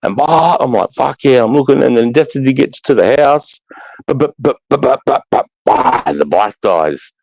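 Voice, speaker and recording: A man's voice: medium pitch, expressive, moderate pace, vocal fry, a little mellow, lo-fi sound. A man in his fifties with an Australian accent, rambling and swearing freely as he tells stories in a casual chat. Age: 50s. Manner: rambling, profane, blokey storytelling.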